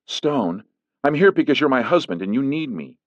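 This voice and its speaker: A man's voice: medium pitch, very animated, normal speed, no echo, voice pushed up. A man voicing a menacing possessive Mafia princess. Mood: accusing. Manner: menacing, clingy, accusing. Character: jealous possessive Mafia princess, young woman. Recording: dull lo-fi recording.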